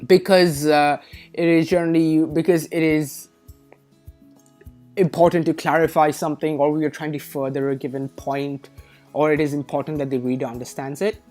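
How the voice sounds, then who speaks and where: Over soft background music, a female SAT tutor with a low, a little mellow voice talks at normal speed with fairly even intonation. Her explanatory lesson walks methodically through reading test concepts, and now and then she corrects herself wryly and lightly.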